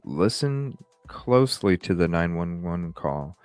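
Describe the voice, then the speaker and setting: Male stream host, deep voice, close dry sound, loose chatty rambling delivery. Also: expressive, slow, no room sound, faint music behind. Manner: rambling, many fillers and restarts; reads out and greets chat viewers. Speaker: livestream host. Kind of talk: casual livestream chat.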